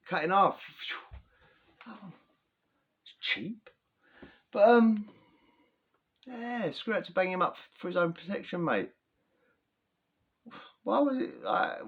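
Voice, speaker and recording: A man's voice: fairly high pitch, phone-quality sound. A young man casually telling a prison story, chatty and full of slang, often breaking into laughter.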